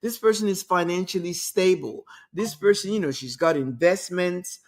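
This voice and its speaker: A woman's voice: fairly low pitch, moderate pace, darkish tone. A woman hosting a talk show, giving an emphatic motivational monologue and repeating her key points.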